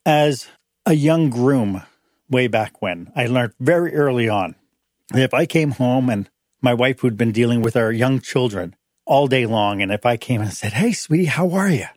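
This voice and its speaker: A man's voice: medium pitch, normal speed, no room sound, studio quality. A middle-aged man hosting a motivational talk on management, acting out short dialogues in changed voices. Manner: animated, acts out little dialogues in changed voices. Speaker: host.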